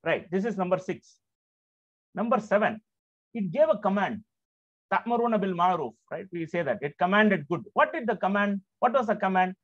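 A man with a high voice delivers a religious lecture on the Quran, explaining each point patiently and checking in with his listeners. He presses his most serious points with urgency. The recording is dry and a little dull, with a lo-fi sound. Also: expressive, normal speed, fairly bright tone, no room sound. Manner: explanatory, checks in with frequent "right?" and "okay?". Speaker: Quran teacher.

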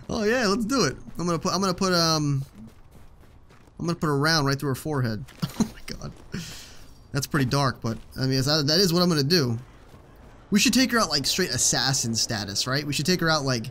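A man's voice: mid-range voice, a bit bright, a little hiss or hum. A young man giving casual, joking commentary while he plays a video game, swearing often. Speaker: gaming YouTuber.

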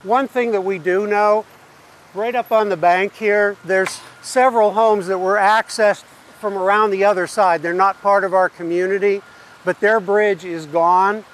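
A local man outdoors by a creek, talking in a worried, halting way in a field interview. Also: sits high, steady tone, a bit bright, slight background noise, low-quality recording. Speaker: local resident.

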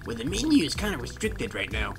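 A man's voice: a little high, wildly swooping pitch, quick pace, gravelly, music in the background, voice pushed up, exaggerated voice. A man voicing a middle-aged female school lunch lady with a syrupy, condescending, singsong manner. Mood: sugary.

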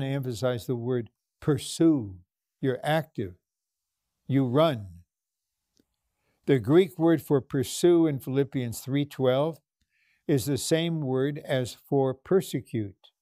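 Slow, dark-voiced male preacher. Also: mid-range voice, no echo, studio quality. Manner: slow, emphatic preaching with repeated phrases and prayers. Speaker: conference speaker. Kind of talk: sermon.

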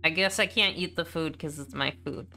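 Bright-voiced woman casually chatting over a game. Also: lowish voice. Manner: chatty, candid, laughs easily. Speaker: game streamer. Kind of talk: casual let's-play commentary.

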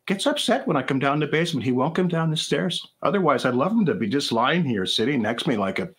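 A man's voice: fairly high pitch, lively intonation, quick pace, fairly bright tone, breathy edge. A man from Canada, a guest musician, chatting casually and joking in a rambling, self-deprecating way over a video call. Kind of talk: casual interview chat.

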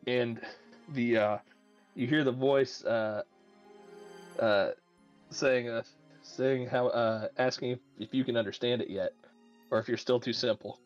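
A man narrating a tabletop game as game master, halting with many fillers and restarts. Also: medium pitch, fairly even intonation. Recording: muffled lo-fi with faint music.

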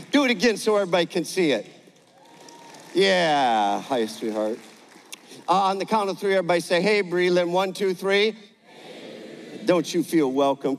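An older man preaching a sermon on stage, energetic with the crowd and gentle with a child. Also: high-pitched, a little hiss or hum. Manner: energetic, rallies the crowd with call-outs; gentle and playful when talking to a child. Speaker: pastor. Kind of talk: sermon with a live demonstration. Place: large church auditorium, on stage. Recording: echoey large church hall.

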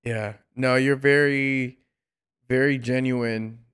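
A man hosting a casual interview, speaking in a halting way with lots of restarts and some playful teasing. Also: mid-range voice, fairly even intonation, a bit bright, clear, resonant tone. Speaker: podcast host.

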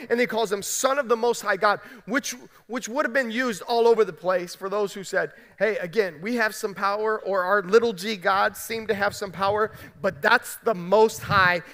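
A man's voice: high voice, pushed and bright, in a large hall. A man preaching a sermon as pastor, emphatic and conversational, often checking in with the congregation. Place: large church sanctuary.

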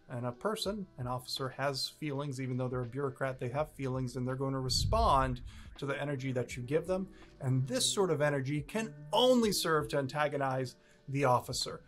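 A man's voice: fairly high pitch, fairly bright tone. A man hosting a legal advice video, explaining a clip with candid, self-aware asides. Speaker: immigration lawyer, host.

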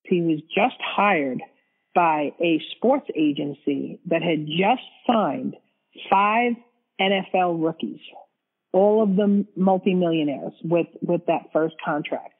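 Woman recounting her story, halting, repeats herself, husky voice, phone-like sound. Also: fairly low pitch. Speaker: widow interviewee. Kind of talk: recounting a personal story in an interview.

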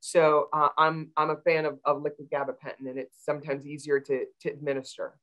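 A woman's voice: low voice, level tone, fairly quick, rough recording. A woman veterinarian answering audience questions on a video call, explaining with many fillers. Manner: warm, explanatory, with frequent fillers.

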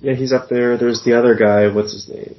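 A man's voice: mid-range voice, steady tone, brisk, highs cut off, slight background noise. A man, a podcast co-host in casual chat, with dry humor who often stammers and hesitates.

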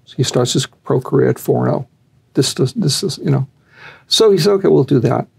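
An older man telling a long story in a sit-down interview, animated and acting out what people said. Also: medium pitch, brisk, creaky, breathy edge. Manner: animated storyteller, acts out quotes, laughs. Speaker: interview guest, former boxing fixer.

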